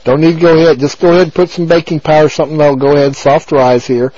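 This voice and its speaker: A man's voice: a little high, steady tone, racing, darkish tone, no echo. Man rambling crudely on lo-fi talk radio. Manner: rambling, repetitive filler phrases, crude and abrasive. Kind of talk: rambling on-air monologue. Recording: dull lo-fi radio broadcast.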